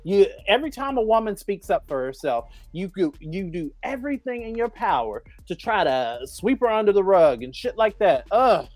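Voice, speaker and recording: A man's voice: sits high, very animated, moderate pace, hardly any pauses, a little mellow, no echo. A man co-hosting a podcast in casual chat, emphatic and opinionated. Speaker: podcast co-host.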